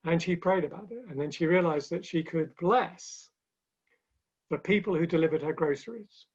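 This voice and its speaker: A man's voice: fairly high pitch, moderate pace, husky. A man speaking as a guest in a webinar conversation, telling stories with light humor in a chatty way. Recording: dull lo-fi online call audio.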